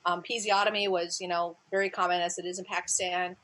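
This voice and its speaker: Middle-aged woman, birth educator, fast-talking, lively storyteller. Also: rough recording. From United States. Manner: lively storyteller, acts out quotes in a higher voice. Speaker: birth educator and interview guest. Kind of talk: animated storytelling in conversation.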